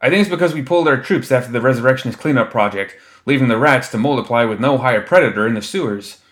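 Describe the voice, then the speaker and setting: A man's voice: mid-range voice, quick pace, a bit bright, pitched above the performer's own voice, lightly acted. A man voicing an earnest male staffer who hollers his reports across a busy meeting in an audiobook. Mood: hollering. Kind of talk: audiobook character voice.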